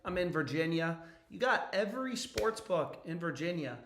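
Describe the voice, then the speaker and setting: Hoarse young man with a lost voice. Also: fairly high pitch, lively intonation, moderate pace, fairly bright tone, reverberant, slight background noise. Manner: loose and profane, frequent "bro" and "dude" asides. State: hoarse, voice nearly gone. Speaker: sports betting streamer. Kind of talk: casual live-stream chat.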